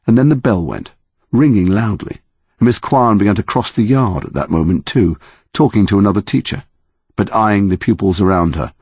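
A man narrating a story in a measured, expressive way. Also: lowish voice, slightly rough, no room sound. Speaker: audiobook narrator. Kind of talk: scripted narration.

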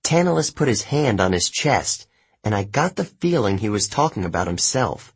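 A man narrating an audiobook in the first person, telling the story in a plain, measured way. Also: lowish voice, big pitch swings, slightly rough.

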